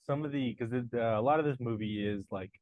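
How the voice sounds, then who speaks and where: A man's voice: mid-range voice, fast talker, dry recording, lo-fi sound. Young guy, dry blunt humor, casual podcast talk, dead dry mic. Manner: dry, blunt, critical asides. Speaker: podcast co-host. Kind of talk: casual chat.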